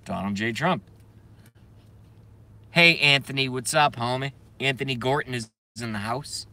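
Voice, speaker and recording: Reading chat aloud during a laid-back stream, he swears, rambles, and often breaks into laughter. His medium-pitched voice is bright and forceful, and he trails off into long, drawn-out filler sounds and interrupts himself.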